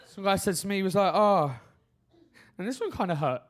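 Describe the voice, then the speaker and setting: Here a young man from Birmingham, England runs through a self-deprecating stand-up routine, telling stories and dropping into put-on voices. His voice is high and very fast, with lively intonation.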